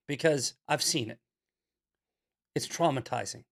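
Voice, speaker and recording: A man's voice: on the high side, normal speed, gravelly. An American man hosting a political commentary show, talking in a heated, preachy way, swearing and repeating himself for emphasis.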